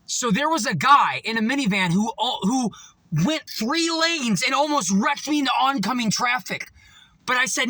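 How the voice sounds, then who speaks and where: Speaking at a moderate pace in a very high voice, a man delivers a rambling motivational monologue laced with profanity. The vlogger animates his stories and leans on many fillers; there's no room sound.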